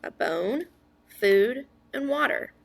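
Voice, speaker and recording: A woman with a slightly high voice walks young children through sounding out words. She speaks slowly and clearly, drawing out each letter sound. She pauses to ask questions and offer praise. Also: animated, a little hiss or hum. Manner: stretches out sounds, asks and praises an imagined class. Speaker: teacher. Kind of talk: slow modeled phonics lesson for young children.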